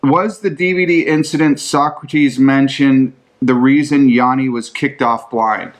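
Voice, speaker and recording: A man's voice: mid-range voice, fairly even intonation, measured pace. A man hosting a podcast, answering listener questions with casual, rambling storytelling, swearing often and filling his talk with "like". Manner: profane, rambling, full of "like".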